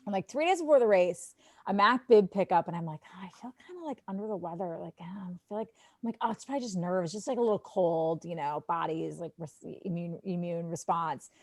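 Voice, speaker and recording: A woman in her thirties, a sports TV host, telling an animated story on a podcast full of "like" and quoted asides. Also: fairly low pitch, fast, dry recording. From Wisconsin. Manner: animated, lots of "like", quotes herself. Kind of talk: casual storytelling.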